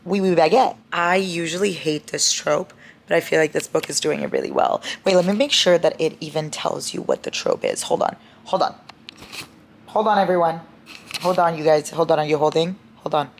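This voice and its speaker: A young woman chatting casually in a reading vlog, expressive and quick to swear, with sudden laughs and shocked outbursts. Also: sits low. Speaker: book vlogger.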